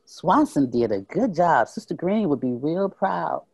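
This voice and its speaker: A woman's voice: deep voice, big pitch swings, a little slow, vocal fry, a little mellow, breathy edge, dry recording, heavily acted. Older church lady, as a woman reads her. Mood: admiring.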